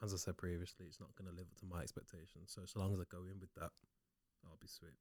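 A man's voice: sits low, rapid-fire, no room sound. A man, arguing animatedly and laughing in a casual podcast chat. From Liverpool, England. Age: 20s. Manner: animated, argumentative, laughing, London-style slang. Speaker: podcast co-host.

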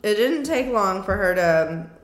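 A woman co-hosting a casual podcast chat, chatty and quick with laughing asides. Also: mid-range voice, animated, roomy sound. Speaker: podcast co-host.

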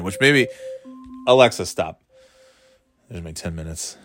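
A man's voice: low-pitched, animated, unhurried, long pauses, fairly bright tone, no room sound, soft background music. A man chatting casually on his own, rambling and wry, with a candid, offhand way of talking. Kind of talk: casual solo chat.

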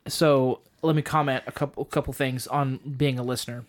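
A man's voice: medium pitch, fairly even intonation, fairly quick. A middle-aged man explains a communication method on a podcast in plain steps. He keeps it casual and jokes at his own expense now and then. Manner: explains step by step, self-deprecating humor. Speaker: marriage communication teacher.

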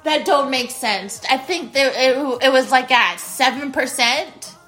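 A woman's voice: sits high, a little slow, sharp tone, soft background music. A woman in her thirties hosting a casual solo podcast from a spare bedroom at home. She talks straight to her listeners and repeats her phrases. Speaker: podcast host.

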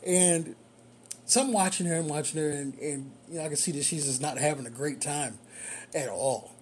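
A man who works as a rideshare driver, telling a story in a casual, animated way and chuckling often. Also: a little high, moderate pace, a little hiss or hum.

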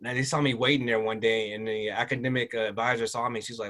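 A middle-aged man telling stories from his past in a relaxed, rambling way, full of fillers and restarts. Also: fairly low pitch, quick pace, hardly any pauses. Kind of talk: casual interview storytelling.

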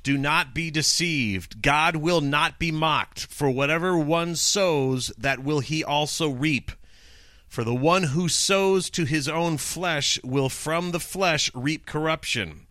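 A man co-hosting a talk podcast, joking with his partner, plugging the show and reading a Bible passage slowly. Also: fairly high pitch, sharp tone, no echo, clean studio sound. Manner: jokey, plugs the show, reads verses slowly. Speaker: podcast co-host. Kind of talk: casual chat and scripture reading.

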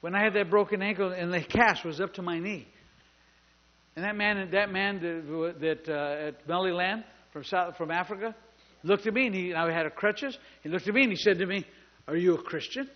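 A man's voice: high voice, normal speed, highs cut off. A male pastor telling a story in a sermon, acting out the dialogue and joking with his congregation. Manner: animated, acts out dialogue, jokes with the congregation. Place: church service with live congregation.

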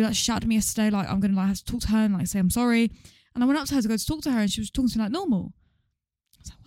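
A woman's voice: on the high side, rapid-fire, darkish tone, no echo. Giggly young woman. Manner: giggly, teasing. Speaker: podcast co-host. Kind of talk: casual chat.

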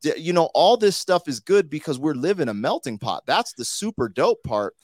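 A man's voice: on the high side, big pitch swings, moderate pace, no echo, clean studio sound. A man hosting a podcast in loose, slangy casual chat, full of "like" and "you know.". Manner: loose and slangy, full of 'like' and 'you know'. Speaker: podcast host.

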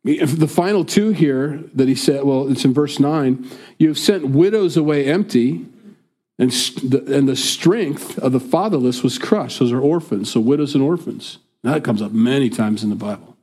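A man's voice: mid-range voice, moderate pace, mellow, slightly rough. A man from the United States preaching a sermon in a conversational way, often acting out what others might say. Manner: conversational, acts out quoted speakers. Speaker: pastor.

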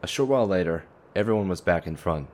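Male narrator, extremely deep, measured scripted delivery. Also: lively intonation, darkish tone. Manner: measured storytelling.

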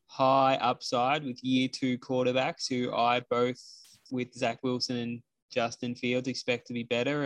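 A man's voice: mid-range voice, fairly bright tone, no echo. A man, talking earnestly on a podcast. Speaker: podcast co-host. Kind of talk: casual chat.

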